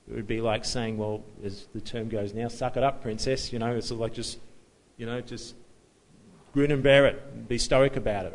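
A man's voice: medium pitch, poor audio. A man preaching a sermon in a conversational, self-deprecating way, often restarting and chuckling at himself.

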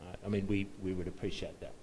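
A man's voice: low voice, fairly even intonation, fast, warm tone, a little hiss or hum, rough recording. A man preaching a sermon in a conversational, self-deprecating way, often restarting and chuckling at himself.

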